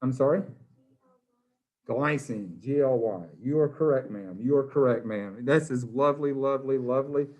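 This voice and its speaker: A man's voice: medium pitch, moderate pace, darkish tone, muffled recording. A man, a biology teacher in his classroom, quizzing students by name in a playful, encouraging way. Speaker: high school biology teacher.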